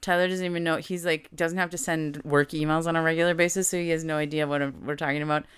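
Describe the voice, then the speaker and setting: Casual podcast co-host, a woman with a low, clear voice and lively storytelling. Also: quick pace, no room sound. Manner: animated storytelling, laughing often. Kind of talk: casual chat.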